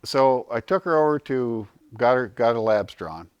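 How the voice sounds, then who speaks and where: A man's voice: medium pitch, moderate pace, smooth, dry recording, lo-fi sound. A man giving an informal health talk to a small audience, telling stories and asking himself questions, then answering them. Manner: animated storyteller, acts out quotes in a raised voice; asks and answers his own questions.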